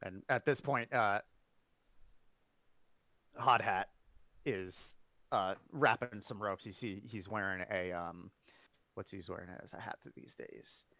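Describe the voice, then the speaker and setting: A man runs a tabletop game in a casual, rambling manner. His voice is mid-pitched, and the sound is dry and close to the mic. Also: takes it slowly, pauses often, pushed and bright, no room sound. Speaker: game master.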